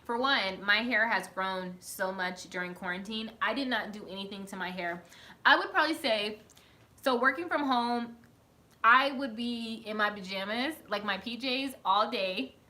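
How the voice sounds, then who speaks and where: A woman's voice: medium pitch, moderate pace, sharp tone. A woman, chatting casually on a live stream from home, reading out her viewers' comments and laughing often. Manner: chatty, laughs often, talks to chat by name.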